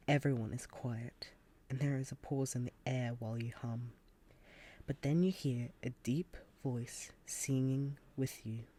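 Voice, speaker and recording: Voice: medium pitch, mellow. A storyteller earnestly narrating a second-person fan story set in a game world.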